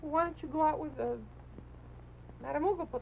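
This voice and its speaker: A woman hosting a live television show, talking gently and coaxingly with a puppet, on a muffled 1950s broadcast recording. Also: high voice, fairly quick, creaky. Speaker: host.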